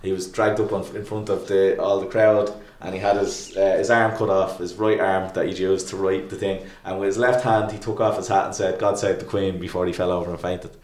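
A man's voice: low-pitched, little pitch movement, brisk, few pauses, a little mellow. A man chatting casually, rambling with lots of restarts and fillers. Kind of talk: casual chat. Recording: echoey room.

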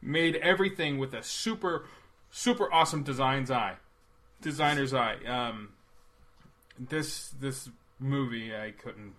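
A young man co-hosting a loose movie chat. His voice sits bright and forward. He rambles and jokes, trailing off and picking the thread back up. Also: mid-range voice. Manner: animated, rambling, quick to joke. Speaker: podcast co-host. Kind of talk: casual movie review chat.

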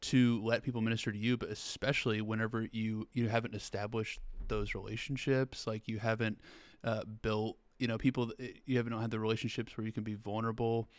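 Chatty priest host, dry close sound. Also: male voice, lowish voice, fairly quick, no echo. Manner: animated, thinks aloud with many likes and fillers. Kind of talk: conversational interview.

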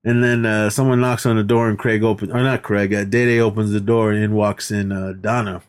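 Co-hosting a film podcast, this man chats casually through scene recaps, laughs a lot and raises his voice to perform the characters' lines. His voice is lowish with little pitch movement, a little fast and clean in tone.

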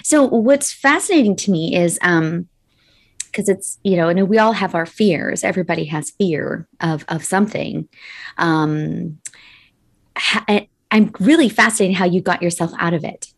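Low, husky woman in casual chat. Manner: supportive, reflective, quick to react.

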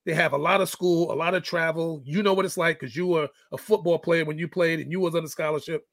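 A man's voice: on the high side, steady tone, fast, a bit bright, no echo. A middle-aged man and father telling a parenting story in casual chat, acting out the quoted lines. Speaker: guest, fitness coach and father.

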